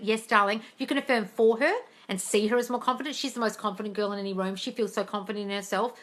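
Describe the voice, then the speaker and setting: Answering viewer questions in a casual live Q&A over her phone, a woman with a bright, medium-pitched voice keeps things blunt and sweary. She calls viewers darling and reacts to their comments with animated squeals and laughter.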